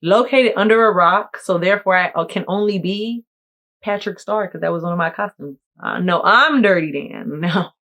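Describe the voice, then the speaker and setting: A woman content creator chatting casually to camera in a playful, jokey, animated way. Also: lowish voice, normal speed. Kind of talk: casual vlog talk to camera.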